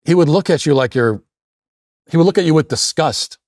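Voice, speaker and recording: A man's voice: on the high side, brisk, a little mellow, no echo, clean studio sound. A man hosting a show and delivering a blunt, emphatic opinion monologue in a lecturing tone. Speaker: political commentator hosting a show.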